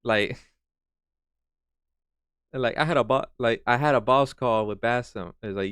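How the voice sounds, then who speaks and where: Smooth-voiced man ranting in exasperation. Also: medium pitch, takes it slowly, pauses often, fairly bright tone, dry recording, clean studio sound. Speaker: streamer reacting to a video. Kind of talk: reaction stream commentary.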